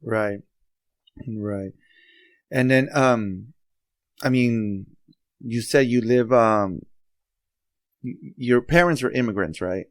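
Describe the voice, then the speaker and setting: A man hosting a podcast interview, asking relaxed questions with plenty of "um"s. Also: mid-range voice, slow, pauses often, dry recording, clean studio sound. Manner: relaxed, hesitant questions with many "um"s. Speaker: podcast host. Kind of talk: casual interview.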